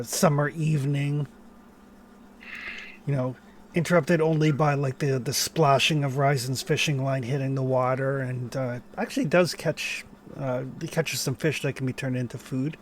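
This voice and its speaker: A man narrates a tabletop role-playing session as game master, drifting through fillers and restarts. His voice sits at an average pitch. A faint noise hangs behind him. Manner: loose and rambling, many fillers.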